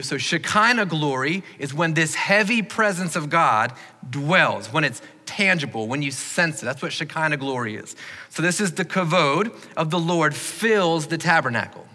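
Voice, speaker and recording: Bright-voiced pastor preaching in a reverberant hall. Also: male voice, a little high. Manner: conversational, joking, encouraging. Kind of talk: sermon. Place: church sanctuary.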